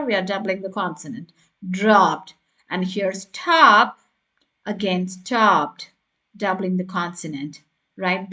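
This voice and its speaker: Slow, patient woman teaching grammar. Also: mid-range voice, fairly bright tone. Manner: slow, patient, spells out letters and checks in with "right?". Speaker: English teacher. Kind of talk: grammar lesson.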